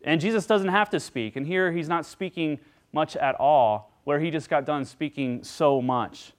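A pastor's earnest sermon to his congregation moves a little slowly, and he voices each figure he quotes with rising pitch and loudness.

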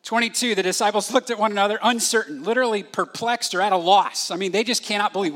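A man preaching an expository sermon, animated, acting out the disciples' questions as he explains the passage. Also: high voice, fast. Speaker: pastor.

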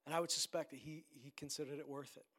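A male pastor preaching a sermon, swinging between loud, ringing declarations and low, soft pleading. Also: fairly even intonation, fast. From Canada.

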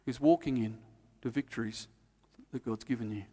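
A man preaching a sermon, telling a story and acting out the quotes, then dropping to quiet, earnest emphasis. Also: medium pitch, moderate pace, big-room sound. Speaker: pastor.

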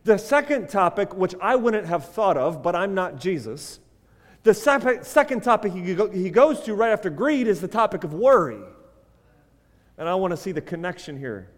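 Animated preacher in a reverberant hall. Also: male voice, high-pitched. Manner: animated preaching, swinging from loud emphasis to quiet asides, telling a joke story. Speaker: pastor. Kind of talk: sermon. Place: church sanctuary.

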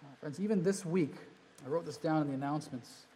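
A man preaching a sermon as pastor, earnest, with pauses and restarts. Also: on the high side, warm tone. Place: church sanctuary. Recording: long church reverb.

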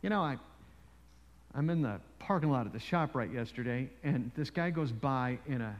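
A man preaching a sermon as pastor, telling stories in an animated way with frequent asides. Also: medium pitch, moderate pace, lo-fi sound. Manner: animated storytelling with frequent "you know" asides. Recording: long reverb in a large hall.

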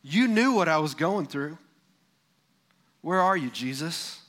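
A man's voice: fairly high pitch, animated, slow pace, fairly bright tone. A preacher acting out a grieving woman who pleads and accuses during a sermon. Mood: grieving, reproachful.

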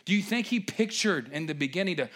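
A man preaching a sermon with a slightly high voice. He talks in an animated, chatty way and turns often to speak to the congregation. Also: fast talker. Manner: animated, conversational preaching with asides to the audience.

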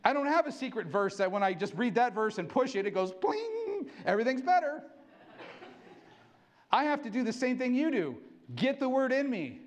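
A middle-aged male pastor giving an excitable sermon, acting out quotes as he preaches. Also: very high voice, brisk.

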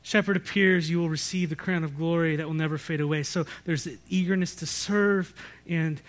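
A man's voice: on the high side, fairly even intonation, fairly quick. A man preaching a sermon as pastor, in a conversational way with rhetorical questions and light jokes. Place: church sanctuary.

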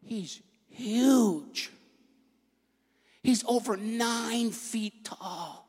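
A man's voice: extremely high pitch, drawn-out words, darkish tone. A man giving a sermon in a church, joking at his own expense in a conversational manner. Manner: jokey, self-deprecating, conversational. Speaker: guest preacher. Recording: echoey hall.

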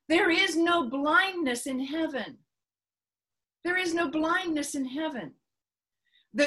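Woman preacher, high voice, unhurried earnest sermon delivery. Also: a bit bright. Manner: earnest, repeats phrases, slows for emphasis. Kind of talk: sermon teaching.

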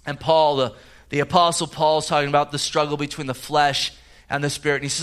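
A man's voice: fairly high pitch, little pitch movement, fast, a bit bright, smooth. A man preaching a sermon in a conversational way, with frequent restarts and asides as he explains scripture. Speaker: pastor.

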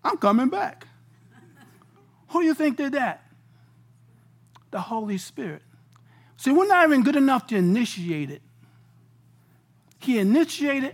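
A man preaching a sermon in a casual, slangy way, moving between loud bursts and hushed lines. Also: very high-pitched, very animated, moderate pace, pauses often.

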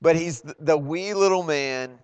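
A man preaching a sermon, animated and questioning his listeners. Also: on the high side, measured pace, smooth. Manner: animated, acts out quoted voices, loud emphatic bursts; asks the congregation questions.

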